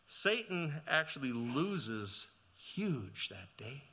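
A man preaching a sermon, asking the listeners questions and reading scripture, rising to loud emphatic peaks and dropping to quiet low passages. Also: big pitch swings, very slow, pauses often. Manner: asks the listeners questions and reads scripture aloud. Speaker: pastor.

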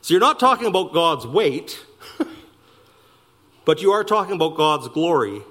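A man preaching a sermon, slowing down to stress key words and speeding through asides. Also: on the high side. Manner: animated preaching, slowing for emphasis and rushing asides. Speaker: pastor.

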